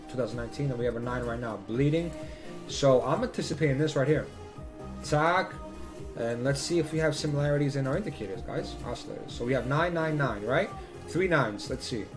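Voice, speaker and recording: A man hosts his own channel, offering casual commentary on crypto charts at a slightly quick clip. His medium-pitched voice is emphatic and repetitive, he swears freely, and music plays underneath.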